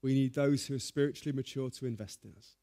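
A man preaching a sermon, telling stories in a lively, humorous way. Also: medium pitch, fast talker.

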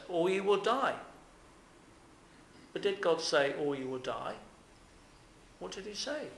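A man's voice: fairly high pitch, a bit bright, a little hiss or hum. A man preaching a sermon in an earnest, emphatic way, with lots of rhetorical questions. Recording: echoey room.

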